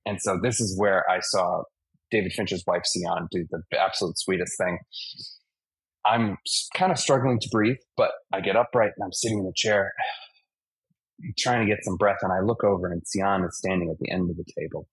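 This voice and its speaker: A man in his forties from Massachusetts, a stunt performer telling animated stories in an interview and acting out the impacts. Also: deep voice, moderate pace, breathy edge, dry recording, low-quality recording. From United States (Massachusetts). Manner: animated anecdotes, acts out impacts and sound effects. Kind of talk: casual storytelling interview.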